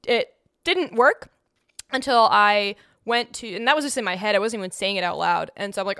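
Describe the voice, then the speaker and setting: A young woman tells a personal story in a smooth, clear voice at an easy middle pitch. She is animated, acting out the voices she quotes and laughing now and then. The sound is close and dry. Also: fairly quick, no echo. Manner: laughs while telling. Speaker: guest telling a personal story. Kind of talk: casual storytelling.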